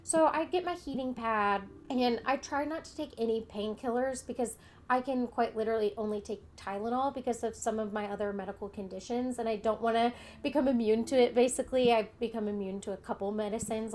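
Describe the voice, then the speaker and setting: A woman's voice: a little high, brisk, darkish tone, a little hiss or hum. Candid young woman telling her story. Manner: candid, conversational, retells events with quoted dialogue. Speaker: vlogger. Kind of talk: casual personal storytelling.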